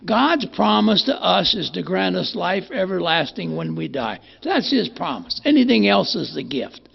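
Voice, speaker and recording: A man's voice: high-pitched, sing-song, moderate pace, creaky, breathy edge. An older man giving a plainspoken, rambling personal testimony at a recovery meeting, often repeating words as he goes. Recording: muffled lo-fi recording.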